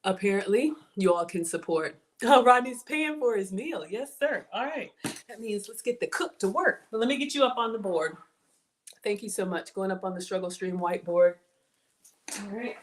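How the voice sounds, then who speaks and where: A woman's voice: mid-range voice, moderate pace, a little hiss or hum. A woman in her forties with a mild Southern American accent, chatting casually with livestream viewers while she cooks and thanks them for their support. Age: 40s. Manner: chatty, thanks viewers, addresses chat as y'all. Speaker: home cook livestream host.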